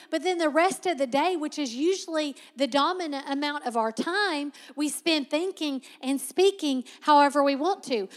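A woman preaching a sermon as a Bible teacher, conversational but emphatic and slowing sharply to stress key words. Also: high-pitched, long reverb tail.

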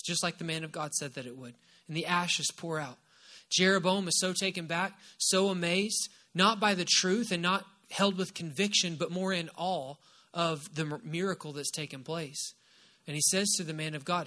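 A man's voice: high-pitched, fairly even intonation, moderate pace, sharp tone. A man preaching a sermon, retelling a Bible story with emphatic repetition. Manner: emphatic and repetitive, stressing key phrases.

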